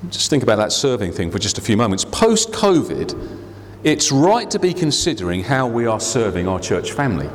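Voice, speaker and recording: A man preaching a sermon to his church, expressive, acting out the voices he quotes. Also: moderate pace. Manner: expressive, acts out quoted voices with big pitch swings. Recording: hall reverb.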